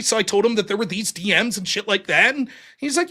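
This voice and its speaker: A man's voice: high voice, expressive, quick pace, sharp tone. A man talking casually as a guest, telling a story in a blunt and profane way. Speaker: guest streamer and debater. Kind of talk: casual podcast conversation.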